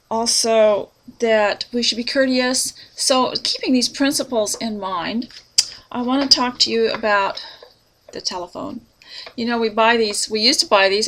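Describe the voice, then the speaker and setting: Earnest woman giving a devotional talk, kinda high, bright voice, unhurried. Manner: warm, earnest, unhurried with soft laughs. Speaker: preacher's wife sharing a devotional.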